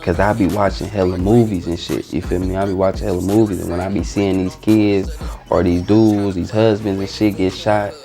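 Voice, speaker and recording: A man's voice: deep voice, steady tone, fairly quick, mellow, soft background music. A man, telling a story in casual slang and acting out the dialogue as a guest. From East Oakland, California. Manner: loose, slangy, re-enacts dialogue. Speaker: interview guest.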